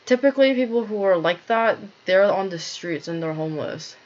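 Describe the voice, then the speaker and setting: A woman's voice: mid-range voice, expressive, normal speed, darkish tone. A woman telling a rambling, agitated personal story to camera, full of fillers and swearing. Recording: dull lo-fi recording.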